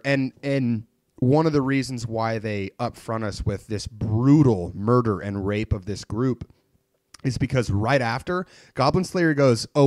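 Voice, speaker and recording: A male podcast co-host chats casually about an anime show, rambling with plenty of "like"s, fillers, and restarts. His voice is mid-range, and the studio-quality recording has no room sound.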